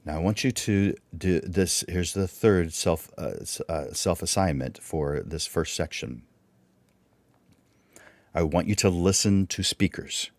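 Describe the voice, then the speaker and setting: Male workshop presenter, deep-voiced, instructive, quizzes the listener with rhetorical questions, dry close sound. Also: unhurried, a little mellow, no echo. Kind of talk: livestreamed speaking workshop.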